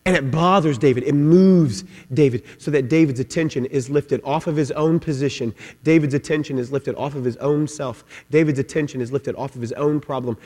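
A man preaching a sermon with passion, repeating his words and swinging between loud, driving lines and hushed ones. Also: medium pitch. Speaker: pastor. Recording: long hall reverb, mains hum.

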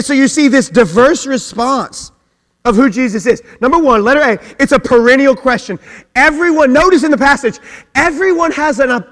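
A man preaching an emphatic sermon with heavy repetition, his voice rising to shouts. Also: very high-pitched. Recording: long hall reverb.

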